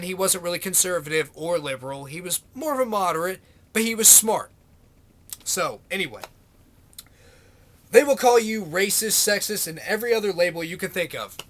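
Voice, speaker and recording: Sarcastic high-voiced man ranting. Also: fairly bright tone. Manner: sarcastic, profane, exasperated. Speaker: vlogger. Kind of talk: political rant to camera.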